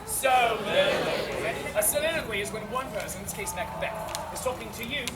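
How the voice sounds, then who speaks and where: A woman's voice: a little high, animated, normal speed. A woman leading a playful, laughing audience-participation story for a live crowd outdoors. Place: outdoors in a busy public space. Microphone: far from the recording device. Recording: distant echoey outdoor recording with crowd noise. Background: loud crowd and ambient noise.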